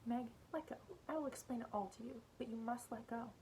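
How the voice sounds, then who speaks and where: A woman reading aloud as a small boy spoken through by an alien, bland, calm and reasonable. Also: a little high, fairly quick, slight background noise, natural voice, low-quality recording. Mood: eerie calm.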